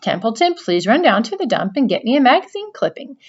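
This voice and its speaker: A woman doing a grumbling sarcastic male rat, whiny and mocking, raised and loud, storybook reading, dull lo-fi sound. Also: a little high, big pitch swings, brisk, breathy edge, voice pushed up.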